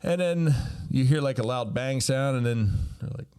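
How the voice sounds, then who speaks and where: A man's voice: mid-range voice, normal speed, clean tone. A young man, telling a folksy comedy story to the camera. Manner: folksy, animated, acts out quoted voices.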